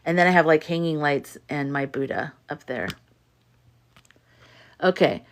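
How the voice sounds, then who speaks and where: A woman's voice: deep voice, measured pace. A woman hosting a casual livestream from a room at home. She talks to her viewers, reads their chat aloud, rambles and swears freely. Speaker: livestream host. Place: home room with hanging lights.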